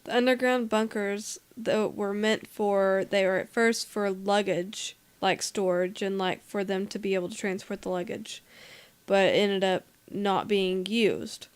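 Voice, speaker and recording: A woman co-hosting a casual group podcast, telling stories in a relaxed, drawn-out way with many fillers. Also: medium pitch, clean tone. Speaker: podcast co-host.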